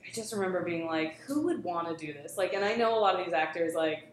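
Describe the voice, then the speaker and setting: Speaking quickly in a lowish, expressive voice, a woman shares a lengthy story about work as a guest on a podcast. Her telling is rambling and casual, packed with fillers and restarted sentences, on a recording with roomy echo and faint background noise.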